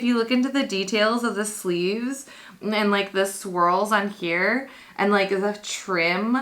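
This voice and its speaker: A woman vlogging casually as she unboxes a gift, gushing and excitable, chatting with lots of fillers. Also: mid-range voice, a little slow. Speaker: costuming vlogger.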